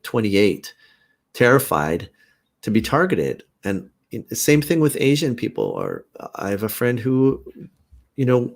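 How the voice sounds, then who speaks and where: A Canadian host thinks aloud in a casual monologue on his own live stream, his slightly low voice earnest and halting as he circles back over his thoughts. A computer mic picks him up.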